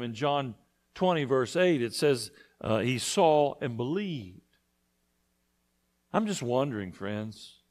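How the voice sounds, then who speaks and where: A male pastor preaching a conversational sermon to his congregation, often asking them questions. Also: medium pitch. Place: church sanctuary.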